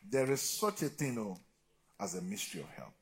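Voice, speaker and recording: A middle-aged man preaching a sermon as pastor, swinging from loud shouted exhortation to low, quiet talk and calling for amens from the congregation. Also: big pitch swings, fairly quick, slight background noise. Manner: calls for amens and answers from the congregation.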